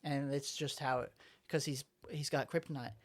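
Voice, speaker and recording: A man's voice: medium pitch, steady tone, normal speed. A young adult man co-hosting a podcast from a room at home, recapping comics in a rambling way and acting out quotes. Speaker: podcast co-host. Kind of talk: casual chat, recapping comics.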